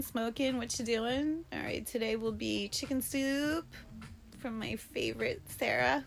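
A young woman hosting a casual livestream from home, chatting to viewers in a rambling, expressive way with lots of fillers. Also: on the high side, creaky. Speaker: livestream host. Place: at home, indoors.

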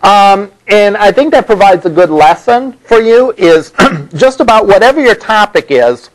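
Chatty male instructor, fairly high voice. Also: expressive, a little slow, low-quality recording. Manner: conversational, digressive, many fillers. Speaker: college instructor. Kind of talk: classroom lecture. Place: classroom. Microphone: microphone worn by the lecturer.

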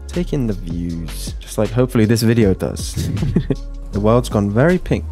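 A man's voice: lowish voice, dark tone. A British man giving casual, chatty commentary over his own gameplay, joking with his viewers. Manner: playful, chatty, jokes to viewers.

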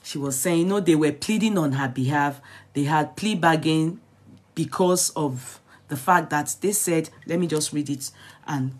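A woman's voice: deep voice, a little slow. A woman with a Nigerian accent hosting a live stream. She greets viewers by name, chats freely and laughs often as she goes over the news. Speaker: vlog host.

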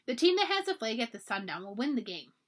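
A kindly camp director in a children's storybook, gently encouraging and animated, as a woman reads her lines aloud. Her pitch rises and falls in a lively way. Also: fast talker.

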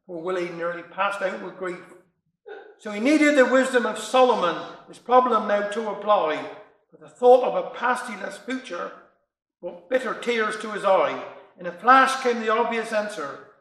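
A man's voice: sits high, lively intonation, moderate pace, fairly bright tone, reverberant, rough recording. A man with a Cornish accent reciting humorous dialect poems and stories, chuckling between tales. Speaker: dialect storyteller.

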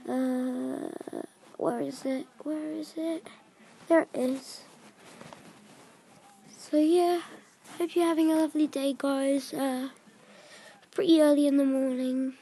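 A woman giving casual commentary while opening card packs in a video game, often dropping into soft whispers and stumbling over names. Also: high-pitched, steady tone, takes it slowly, vocal fry, pauses often, slight background noise. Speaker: gaming video creator.

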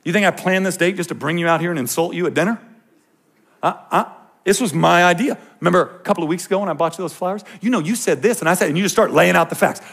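A man in his thirties preaching to a youth group, swinging between quiet explanation and passionate ranting with jokes aimed at the crowd. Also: high voice, quick pace, gravelly, breathy edge. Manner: impassioned, ranting and joking with the crowd. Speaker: youth pastor. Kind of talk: sermon.

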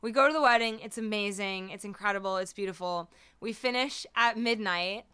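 A woman's voice: medium pitch, fairly quick, sharp tone, smooth. A woman musician livestreaming, chatting casually and bubbly with her viewers, a little tired and her voice not at full strength. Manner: bubbly, laughing, talking to chat.

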